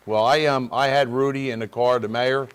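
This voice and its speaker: A man's voice: mid-range voice, steady tone, moderate pace, clear, resonant tone. A man from Pennsylvania, a state representative, talking casually on a talk show in an earnest way, with many restarts.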